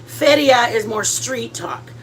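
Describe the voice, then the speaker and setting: Chatty woman cooking, fairly high voice. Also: animated, takes it slowly. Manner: chatty, rambling, many fillers and restarts, mixes in Spanish words. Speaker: cooking vlog host. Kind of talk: casual cooking chat. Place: home kitchen.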